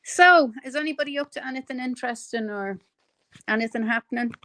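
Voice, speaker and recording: A woman's voice: fairly high pitch, a little fast, bright, forceful tone, no echo, clean studio sound. A woman hosting a casual livestream, chatting bluntly with viewers and thinking aloud in a rambling, opinionated way. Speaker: livestream host. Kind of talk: casual livestream chat answering viewer comments.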